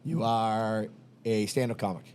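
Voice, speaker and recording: A man hosting a casual podcast, rambling and joking with quick asides. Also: lowish voice, steady tone, darkish tone, a little hiss or hum. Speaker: podcast host. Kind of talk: casual chat.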